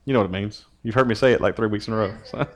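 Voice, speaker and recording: A man's voice: lowish voice, fast. A man preaching a casual youth sermon, joking and teasing as he quizzes the group. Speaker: youth pastor.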